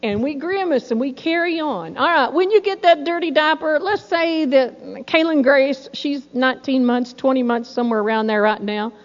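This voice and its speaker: A middle-aged woman preaching a sermon, telling folksy personal stories in a lively, storytelling way. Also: sits high, normal speed, hardly any pauses. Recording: dull sound in a reverberant hall.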